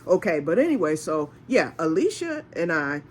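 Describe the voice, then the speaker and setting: A woman's voice: sits low, big pitch swings, moderate pace, slight background noise. A woman from Michigan telling a rambling personal story in a casual, chatty way, laughing and acting out what people said. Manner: chatty, rambling, laughs often, acts out dialogue. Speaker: storytelling vlogger.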